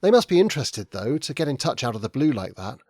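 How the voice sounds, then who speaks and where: A man's voice: mid-range voice, sing-song, fast talker, a little mellow, no echo, clean studio sound. A man voicing a nervous, diffident young man who hesitates and stammers as he talks. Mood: hopeful. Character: anxious, diffident young man, new to business.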